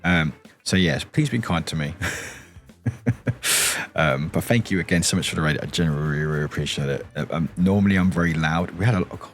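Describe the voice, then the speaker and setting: A British man streaming late at night with a deep, quiet morning voice, rambling and giggling as he answers his chat. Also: fairly quick, a little hiss or hum.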